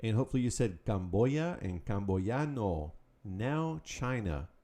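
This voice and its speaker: A man hosting a Spanish lesson podcast, calling out words, pausing, then giving the answers in an upbeat, patient way. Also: lowish voice, very animated, mellow. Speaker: Spanish teacher. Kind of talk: podcast language drill.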